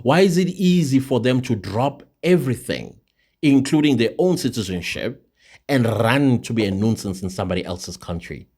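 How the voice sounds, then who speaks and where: A man's voice: medium pitch, animated, normal speed, a little mellow, breathy edge. A South African man hosting an impassioned opinion monologue, firing off rhetorical questions. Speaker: show host.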